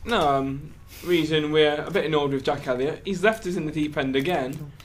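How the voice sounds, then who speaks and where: A man's voice: a little high, moderate pace, a little hiss or hum. A young man co-hosting a casual podcast, playful and teasing. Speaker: podcast co-host.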